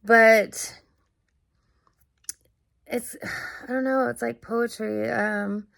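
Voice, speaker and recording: A young woman talking about her own experiences in a halting, earnest way, full of fillers and restarts. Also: a little high, steady tone, vocal fry, fairly bright tone, no room sound. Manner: earnest and searching. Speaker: vlogger. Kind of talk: casual personal monologue.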